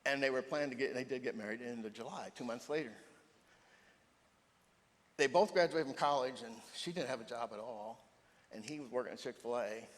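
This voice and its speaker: An older male pastor preaches a sermon with an animated storytelling delivery, his voice leaping up for emphasis. His middle-pitched voice carries a long reverb tail from the church sanctuary.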